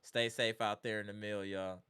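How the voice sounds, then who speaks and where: Brief: animated trash-talking basketball reaction host, bright, clean tone. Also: sits low, moderate pace, clean tone. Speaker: live sports reaction streamer. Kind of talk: casual sports reaction rant.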